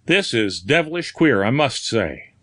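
A man's voice: medium pitch, sing-song, measured pace, a bit bright, no room sound. A man voicing a puzzled, brusque middle-aged doctor in a storybook reading. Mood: grave.

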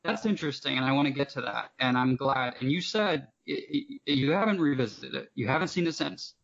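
A man joins a podcast as a guest and talks at length, drifting from point to point. His voice has a gravelly, creaky edge. The sound is muffled and lo-fi. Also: medium pitch, lively intonation, fairly quick, a bit bright. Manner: talkative, digressive. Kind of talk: casual podcast chat. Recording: dull lo-fi sound.

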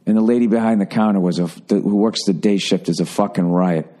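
A man's voice: lowish voice, quick pace. A middle-aged man from the Boston area hosting a podcast, telling a rambling, profanity-laced story in a casual monologue. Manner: profane, rambling, animated when doing quoted voices. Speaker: podcast host.

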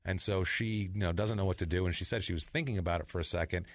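A man's voice: deep voice, fast, dry recording. A man hosting a podcast, retelling a crime story in a loose, casual, profane way with rambling asides. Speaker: podcast host.

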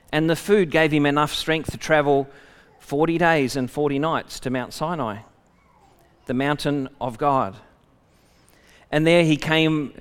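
A man's voice: fairly high pitch, fairly bright tone, smooth, long reverb tail. A man preaching a sermon, reading a scripture passage aloud and breaking off for conversational asides to the congregation.

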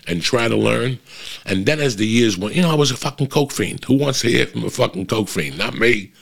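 A man's voice: lowish voice, gravelly. A middle-aged man telling a rambling, profane story in casual chat, calling his listeners guys.

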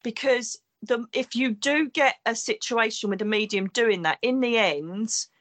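A woman's voice: fairly high pitch, a little slow, a bit bright. A woman, a psychic medium talking emphatically in an interview and acting out the people she quotes. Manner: emphatic, acts out quoted voices. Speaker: psychic medium and former detective. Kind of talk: interview conversation.

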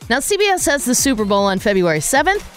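A woman co-hosting a radio show, reading entertainment news in a brisk way with dry asides. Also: a little high, sing-song, fairly bright tone, faint music behind. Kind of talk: morning radio show chat.

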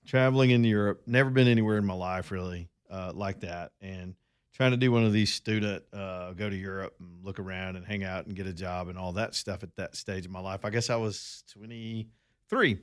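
A middle-aged man from Alabama with a Southern accent hosts a talk radio show, telling a long story in a folksy, rambling way and calling his listeners y'all. His voice is low, steady, smooth, and delivered at a normal speed.

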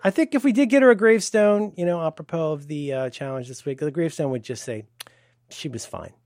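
A man's voice: fast talker, darkish tone, dry recording. A middle-aged man on a podcast, telling a rambling, profane, sardonic story in casual chat. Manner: puts on high voices when quoting staff. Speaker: podcast co-host.

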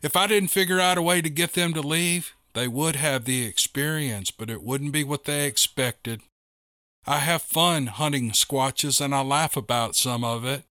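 A man's voice: fairly high pitch, normal speed, sharp tone, dry recording, clean studio sound. A man narrating a first-person monster-hunting story in a wry, matter-of-fact way.

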